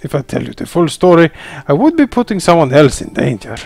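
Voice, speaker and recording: A sly, suave fox con man with a mock Spanish accent, put on by a man reading a game aloud. His smooth, drawn-out lines swing up and down with a slight gravelly edge. The voice sounds dry and close, with soft game music underneath. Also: fairly high pitch, big pitch swings, dry recording, exaggerated voice. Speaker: game player voicing characters.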